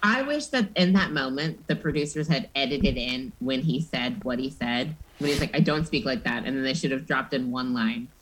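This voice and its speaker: A woman with a low-pitched voice talks casually as a podcast co-host. She is animated and keeps slipping into quick impressions of the people she describes. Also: rough recording. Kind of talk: casual chat.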